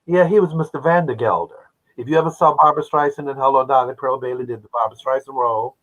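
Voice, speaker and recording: A man in his seventies from Oklahoma, a guest who tells animated stories and acts out the voices of people he quotes. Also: medium pitch, fast. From Oklahoma, United States. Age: 70s. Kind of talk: casual interview storytelling. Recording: dull lo-fi audio.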